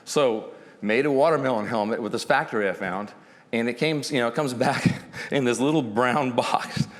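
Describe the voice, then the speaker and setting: A man, a company founder, telling his story at a summit in an animated, joking way, acting out quotes and laughing often. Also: mid-range voice, moderate pace, long reverb tail. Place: conference stage with long reverb.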